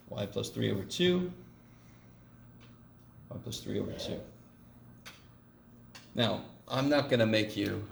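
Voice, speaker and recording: A fairly low-pitched man with vocal fry delivers a relaxed, joking math lecture in class, cursing occasionally as he goes through problems. The audio comes from a distance in an echoey classroom, with faint room noise behind it.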